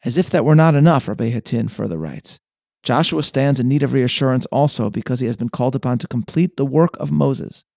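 A man giving a scripted talk, reading aloud in a measured, deliberate way. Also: mid-range voice, creaky, darkish tone, no room sound, studio quality. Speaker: speaker on Jewish history.

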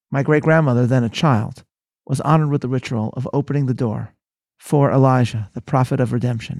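A man, a rabbi, delivering a measured sermon-style lecture and reading quotations with dramatic emphasis. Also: medium pitch, creaky, a little mellow, husky, no room sound.

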